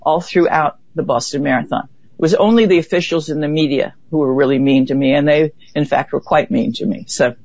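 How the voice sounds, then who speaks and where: A woman being interviewed, telling a vivid story in a lively way and acting out what others said. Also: deep voice, fairly quick, no echo. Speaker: interview guest. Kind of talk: conversational storytelling. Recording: dull, dry lo-fi recording.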